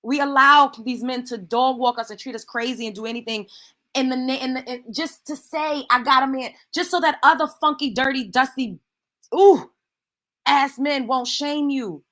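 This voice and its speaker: A woman's voice: high voice, normal speed, fairly bright tone. Emphatic preachy woman commentator. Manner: preachy, emphatic, swears freely. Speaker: commentary host. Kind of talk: reaction commentary.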